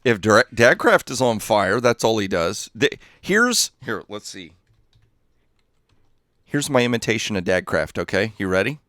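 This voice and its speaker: Rambling, lively low-voiced male streamer. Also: moderate pace, no room sound, clean studio sound. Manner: rambling, easily distracted, chuckles at himself. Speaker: gaming livestreamer. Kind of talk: casual livestream chat while playing.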